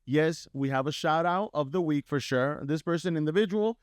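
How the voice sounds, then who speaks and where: A playful young man co-hosts a podcast, teasing the others and reading listener shout-outs. His voice is slightly high and sounds dry and close. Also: normal speed, clear, resonant tone, no echo. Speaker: podcast co-host. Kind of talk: casual banter, shout-outs.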